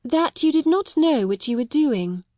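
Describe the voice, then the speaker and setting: A composed schoolgirl, as a woman narrator voices her, speaks grandly and politely with calm self-possession. The voice is lifted a little above the narrator's own. The sound is close and dry. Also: a little high, normal speed, no echo, lightly acted. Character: proud, composed young schoolgirl.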